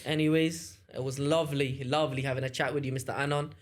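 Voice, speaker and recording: A man co-hosts a casual podcast, his voice sitting at an ordinary middle pitch. He banters in a relaxed way with quick reactions and easy asides. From London. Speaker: podcast co-host. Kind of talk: casual chat.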